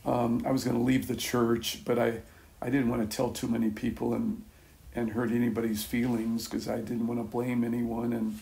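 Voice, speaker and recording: An older man giving a casual spoken testimony to a small church group, rambling and halting with many restarts and soft chuckles. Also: medium pitch, little pitch movement, vocal fry. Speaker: speaker at a church gathering.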